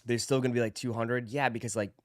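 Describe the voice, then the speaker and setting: A man's voice: mid-range voice, flat delivery, fast talker, dry recording, studio quality. Laid-back slangy man chatting to viewers. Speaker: sneaker live stream host. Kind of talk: casual live stream chat.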